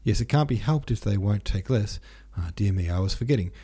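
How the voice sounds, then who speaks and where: A man's voice: lowish voice, animated, a little fast, dark tone, slightly rough. A man reading an audiobook, voicing a fussy, flustered old count who gives orders with many exclamations.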